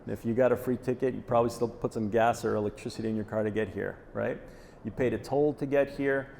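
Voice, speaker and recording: A man with a fairly low, fairly even voice talks quickly, with vocal fry and a slightly mellow quality. He is a presenter giving a live, punchy, direct talk in a conference hall, often checking in with "okay?" after a point. The reverberant hall recording carries faint noise.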